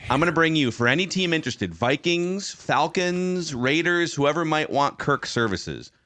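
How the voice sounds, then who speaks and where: A man's voice: on the high side, expressive, moderate pace, sharp tone, no echo. A man hosting a casual sports podcast, with an upbeat, playful host delivery.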